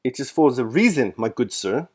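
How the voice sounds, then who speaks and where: A man's voice: medium pitch, big pitch swings, normal speed. A dignified, stiffly patriotic old colonel with a German accent, as a man puts him on. He talks in a raised, emphatic voice and presses hard on chosen words, like an audiobook reader giving a character his due. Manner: emphatic, stresses single words.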